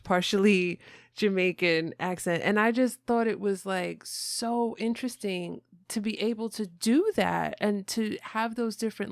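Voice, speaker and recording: A woman's voice: medium pitch, creaky, no echo, studio quality. Chatty woman hosting a podcast. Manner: reflective, chatty with many fillers. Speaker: podcast host. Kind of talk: podcast interview.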